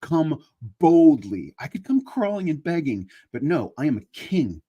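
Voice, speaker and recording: Husky guy in his 50s chatting live, earnest, gets preachy and emphatic. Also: fairly high pitch, big pitch swings, normal speed, mellow, muffled recording. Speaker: online show host. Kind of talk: casual live chat with religious reflection.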